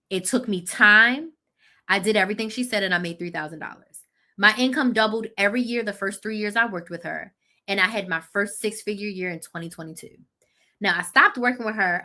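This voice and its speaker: A woman in her thirties, a business coach, hosts a live chat in a bright, forceful, medium-pitched voice. Telling her story with blunt animation, she stops now and then to correct dates and details.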